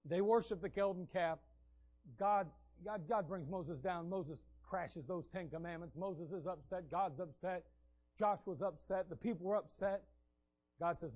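A man preaching a sermon, telling the scriptural stories in an animated way and acting out the scenes. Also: a little high, moderate pace, lo-fi sound.

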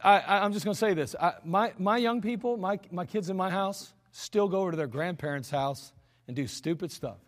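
A high-voiced man preaching a blunt, scolding sermon from the pulpit. His voice rings out with a long reverb through a church hall. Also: brisk. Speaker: pastor.

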